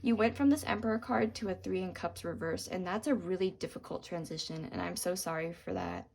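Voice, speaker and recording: A young woman giving a tarot reading, gentle and reassuring, with frequent ums and apologies, her voice cracking from talking a lot. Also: fairly low pitch, a little fast, vocal fry, a little hiss or hum. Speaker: tarot reader.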